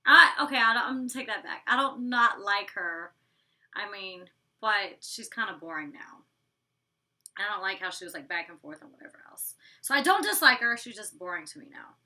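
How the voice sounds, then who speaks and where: Reviewing a reality show episode she once appeared in, a woman in her twenties speaks with sass and bluntness, cursing freely. Her medium-pitched voice is expressive, pushed and bright at a normal speed, picked up from a distance.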